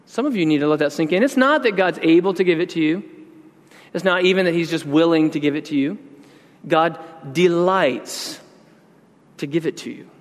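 A man preaching a sermon in an earnest, conversational way, slowing down to stress key words. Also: fairly high pitch. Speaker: pastor. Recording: long reverb in a large hall.

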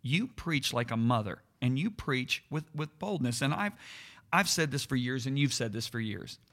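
A man's voice: medium pitch, animated, moderate pace, fairly bright tone. A middle-aged man preaching earnestly in conversation, stressing words and repeating himself as he builds each point. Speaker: preacher and podcast co-host.

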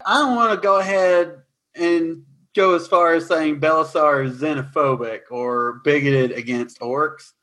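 A man narrating as dungeon master, recapping and describing scenes in a lively way with some fillers. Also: fairly high pitch. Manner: animated, quick recaps with fillers. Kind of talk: tabletop game narration.

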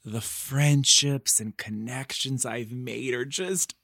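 An unhurried man talking into his podcast mic from a comfy chair in his living room. His voice sits at an ordinary middle pitch and comes across close and dry. He speaks candidly and reflectively, dropping playful slang as he chats. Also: pushed and bright, husky, no room sound. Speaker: podcast host. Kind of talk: casual solo podcast chat.

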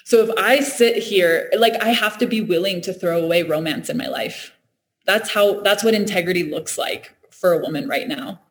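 A woman's voice: lowish voice, moderate pace. A woman talking in a reflective, earnest way, often laughing and restarting her sentences. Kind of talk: reflective casual conversation.

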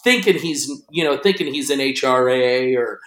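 A man's voice: medium pitch, normal speed. Man telling a story, echoey room. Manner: animated storyteller who acts out both sides of a phone call. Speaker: podcast co-host and racing announcer. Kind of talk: casual podcast storytelling.

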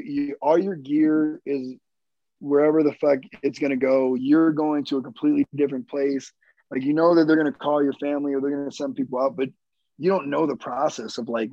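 Young guy vet rambling and cursing through his story, kinda gravelly, dull dry recording. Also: mid-range voice, darkish tone, no room sound. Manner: candid, profane, rambling with many fillers. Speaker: guest, wounded Marine veteran. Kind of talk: casual storytelling interview.

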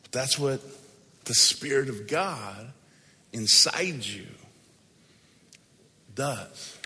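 A man preaching a sermon as a pastor, conversational and emphatic, moving between quick asides and slow, stressed phrases. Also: mid-range voice, lively intonation, pushed and bright, slightly rough. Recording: long hall reverb.

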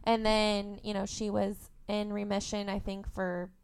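A woman's voice: mid-range voice, level tone, unhurried, creaky, clear, resonant tone. A young woman from Indiana, a podcast guest, telling a personal story in a candid, emotional way and laughing through the hard parts. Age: young adult.

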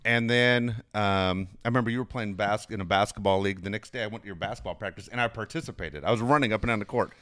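A man's voice: on the low side, quick pace, few pauses, dry recording. Profane man telling a wild story. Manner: profane, animated storyteller, laughs often. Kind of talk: casual storytelling chat.

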